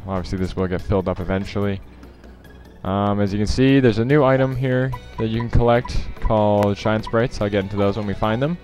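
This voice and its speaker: A man's voice: fairly low pitch, a little mellow. A man hosting a let's play, commenting casually and rambling over the game.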